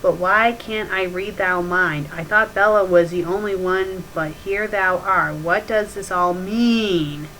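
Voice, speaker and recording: A woman voicing a smug male vampire who speaks in slow, stilted old-fashioned words. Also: fairly low pitch, a bit bright, a little hiss or hum, low-quality recording. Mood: stiff, formal.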